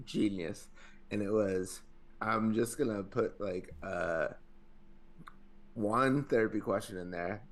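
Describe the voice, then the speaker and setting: A man hosting a podcast in casual chat, excitable and crude, laughing into his own words. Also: fairly low pitch. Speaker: podcast host.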